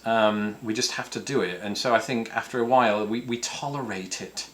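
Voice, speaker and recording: A man's voice: fairly low pitch, normal speed, few pauses, fairly bright tone. A man from the north of England, hosting a casual question-and-answer video from home, rambling and self-deprecating with many fillers and restarts. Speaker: YouTube host answering viewer questions. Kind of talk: casual chat. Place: home, with a cat nearby.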